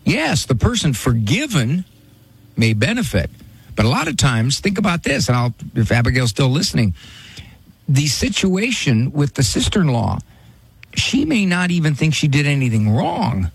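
Gravelly, folksy male radio host. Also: fairly high pitch, huge pitch swings, moderate pace. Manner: folksy and pastoral, repeats phone number. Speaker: radio call-in show host. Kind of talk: casual call-in radio talk.

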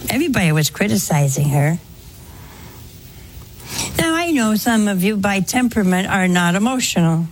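A woman's voice: mid-range voice, lively intonation, moderate pace, long pauses, slight background noise. A woman giving a spoken sermon to a congregation in a folksy way, full of rhetorical questions and anecdotes. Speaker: religious speaker.

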